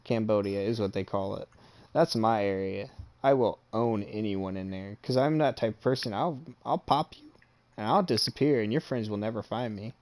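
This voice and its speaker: A streamer with a somewhat low, slightly mellow voice tells a casual story at normal speed, swearing freely. He sounds boastful and amused, pleased with himself, and keeps checking in with his listener along the way.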